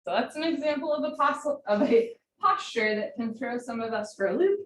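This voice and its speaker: A woman instructing a live yoga class from home, giving calm posture cues with chatty, encouraging asides. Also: high voice, normal speed. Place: home room. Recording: roomy home recording.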